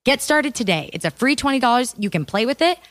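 A woman's voice: on the high side, very animated, fast, no echo. A woman hosting a podcast, interviewing a guest in an upbeat, encouraging, casual way. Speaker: podcast host.

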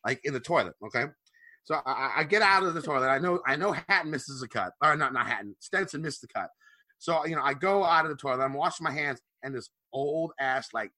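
A man co-hosting a podcast, telling a profane anecdote in a loose, animated way. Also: medium pitch, dry recording. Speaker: podcast co-host. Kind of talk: casual storytelling chat.

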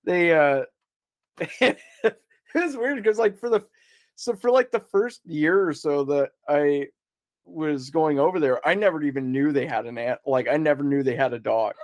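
A man's voice: on the high side, moderate pace, dry recording. A man telling a story as a podcast guest in a rambling, casual way, swearing freely and laughing along.

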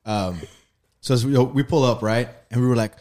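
A man's voice: mid-range voice, normal speed, darkish tone. A man telling a rambling story in casual chat, often breaking into laughter. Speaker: guest.

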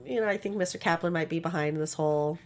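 A woman from Los Angeles co-hosting a casual chat, with playful, quick reactions. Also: on the low side. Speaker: co-host.

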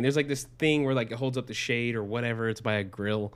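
A man's voice: mid-range voice, brisk, hardly any pauses. A young man casually telling a rambling, profane story on a podcast, with lots of fillers. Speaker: podcast co-host. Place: Arizona.

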